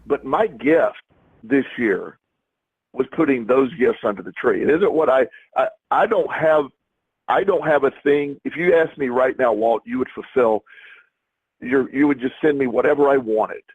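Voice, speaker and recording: Husky middle-aged man on a tinny line. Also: mid-range voice, normal speed, dry recording. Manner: rambling, many restarts and repeated words. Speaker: podcast co-host. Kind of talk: casual chat.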